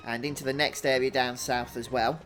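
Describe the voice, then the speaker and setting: Man, game walkthrough commentary, relaxed, chatty, mid-pitched voice, faint background music. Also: fairly quick. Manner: relaxed, chatty, thinks aloud. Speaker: gaming channel host.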